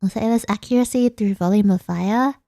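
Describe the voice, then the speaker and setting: Australian woman streamer, mellow tone, giggly and rambling, dry close sound. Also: mid-range voice, fairly quick, vocal fry, dry recording. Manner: giggly, rambling, self-deprecating. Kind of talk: casual late-night chat stream.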